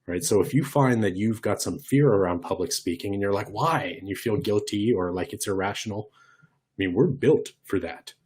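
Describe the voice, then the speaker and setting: A man giving an online workshop lesson in a lively, conversational way, often demonstrating voice shifts. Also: lowish voice, breathy edge. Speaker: workshop presenter.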